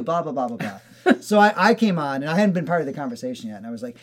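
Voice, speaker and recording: A man telling stories in casual chat, animated and profane, acting out other people's lines. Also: medium pitch, fast talker. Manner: animated storyteller, swears, acts out quotes.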